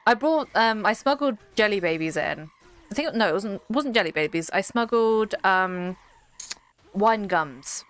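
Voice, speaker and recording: A young woman chatting with her stream audience, rambling from one thought to the next and laughing easily. Her voice sits at an ordinary middle pitch, relaxed and conversational. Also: smooth. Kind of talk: casual chat with live chat.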